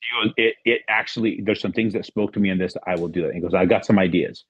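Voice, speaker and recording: A middle-aged man talks quickly in a low, husky voice as a podcast guest. He rambles through his story and acts out what each person said. The sound is dry and a little dull. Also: a bit bright, no echo. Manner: rambling, acts out quoted dialogue. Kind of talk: casual storytelling.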